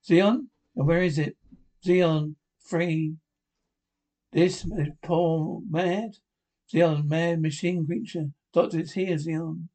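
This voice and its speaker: Man, slightly high voice, script read-through, flat delivery, halting restarts. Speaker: reader of a drama script. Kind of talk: reading a script aloud, naming speakers and stage directions.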